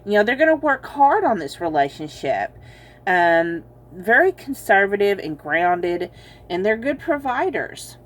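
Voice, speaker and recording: A woman's voice: medium pitch, big pitch swings, a little slow. A woman giving a casual tarot card reading, chatty and teasing, laughing often and calling her viewers y'all. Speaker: tarot reader.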